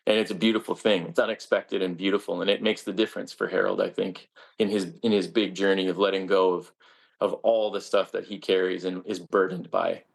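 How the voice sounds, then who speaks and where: A man, a stage actor, answering interview questions in an earnest, halting way with frequent restarts. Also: sits low, flat delivery, creaky.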